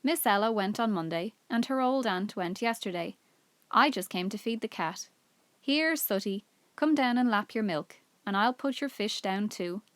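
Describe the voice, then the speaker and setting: Casting: a woman playing a loud, scolding little old lady, a bit deaf, for a storybook reading. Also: mid-range voice, lively intonation, moderate pace, no room sound, lightly acted. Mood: chatty.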